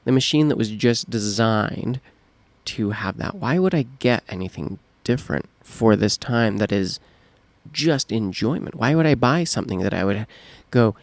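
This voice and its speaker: A man's voice: fairly low pitch, animated, normal speed, dry recording. A man in a casual podcast chat, mulling things over in a laid-back way, with lots of fillers.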